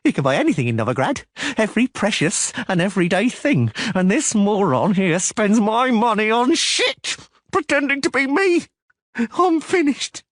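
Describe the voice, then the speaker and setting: A man voicing a hot-tempered male halfling merchant who talks in an exasperated, shouting way. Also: high voice, very animated, normal speed, dry recording, clean studio sound, pitched above the performer's own voice.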